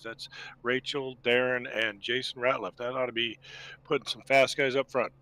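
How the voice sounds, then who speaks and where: Man, guest commentator, bright tense voice, chatty, mid pitch. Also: flat delivery, normal speed. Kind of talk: casual booth chat.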